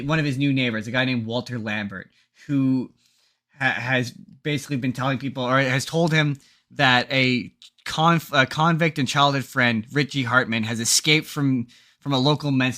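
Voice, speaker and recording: A man's voice: medium pitch, sharp tone. A man co-hosting a podcast, chatting casually and rambling through movie plots with lots of fillers and restarts. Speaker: podcast co-host. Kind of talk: casual chat.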